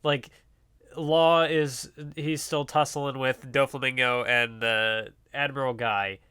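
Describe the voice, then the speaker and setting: A man co-hosting a podcast in casual chat, retelling scenes with animated quoted lines. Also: medium pitch, takes it slowly, clear, resonant tone, no echo, clean studio sound. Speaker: podcast co-host.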